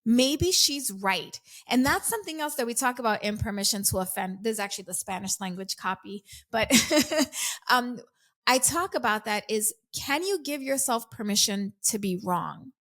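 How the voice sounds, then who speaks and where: A woman's voice: fairly high pitch, expressive, normal speed, a bit bright. A woman guest on an interview podcast, telling her life story candidly and animatedly, acting out remembered dialogue and laughing often. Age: adult, past early twenties. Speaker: guest author and coach.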